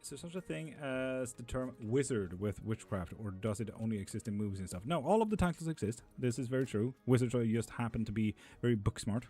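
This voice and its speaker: A man's voice: mid-range voice, lively intonation, a little fast, hardly any pauses, warm tone, husky, faint music behind. A man reading tarot on a live stream, casually reading out chat messages and answering them offhand.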